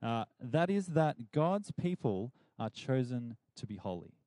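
A man's voice: medium pitch, very animated, unhurried, dark tone, dry recording. A young man giving a chatty, playful Bible talk to a youth group and leading them in call-and-response.

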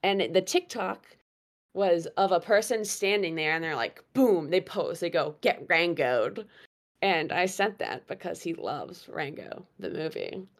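A young woman telling a story in casual chat, animated and laughing, with plenty of fillers. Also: fairly low pitch, unhurried. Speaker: guest storyteller.

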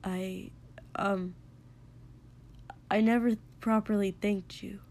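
A woman's voice: mid-range voice, steady tone. Woman narrator playing an aloof, proud young man; curt and subdued, storybook reading. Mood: quiet halting. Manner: curt, then quiet and halting.

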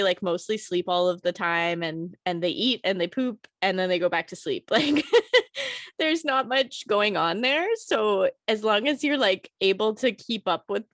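A woman's voice: mid-range voice, a bit bright, no room sound. A young woman, a new mother, chatting casually, laughing often and using many fillers. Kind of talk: casual chat.

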